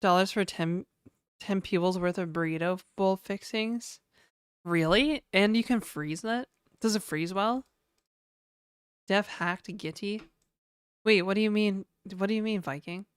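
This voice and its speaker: Rambling woman streamer reading chat; smooth voice, dry close mic. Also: medium pitch, measured pace, long pauses, dry recording. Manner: rambling, chatty, reads chat aloud. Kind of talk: casual live-stream chat.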